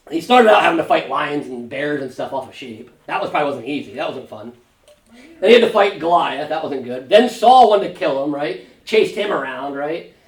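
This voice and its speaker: In a slightly high male voice, a pastor runs a conversational Sunday school Bible study, frequently adding the tag question "right?". He grows lively when voicing scripture figures, captured by a far-off mic in a reverberant church classroom.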